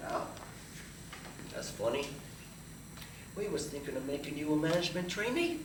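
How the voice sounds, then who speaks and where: A bigoted, bullying Wall Street boss barking orders and mocking, as a man on stage acts him out. His voice rises loud and high. It sounds far off in a reverberant theater hall with background noise. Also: very animated, normal speed. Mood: smug. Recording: live stage, distant roomy hall.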